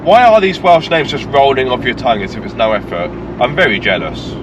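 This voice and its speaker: A man, hosting a car vlog in casual, deadpan joking chat. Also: medium pitch, brisk, highs cut off, noisy background. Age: 30s. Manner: playful, deadpan joking, stumbles over words. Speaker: vlog host. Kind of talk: casual chat while driving and on location. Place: small car on the road, then outdoors by the sea.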